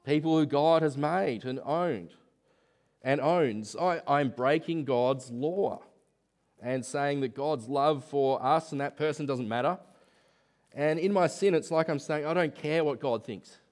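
A man's voice: a little high, measured pace, darkish tone. Man, preacher, sermon in church, conversational, rhetorical questions.

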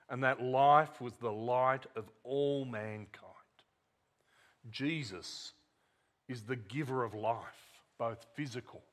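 Male preacher, unhurried sermon delivery, emphatic, drops low and quiet for stress. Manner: deliberate, emphatic, with repeated words and sharp drops in volume.

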